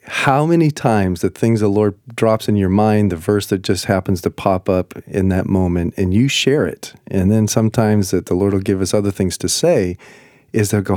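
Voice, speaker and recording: Earnest low-voiced male host. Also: normal speed, darkish tone, no room sound, clean studio sound. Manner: earnest, encouraging, often affirms the guest with short replies. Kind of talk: casual talk show chat.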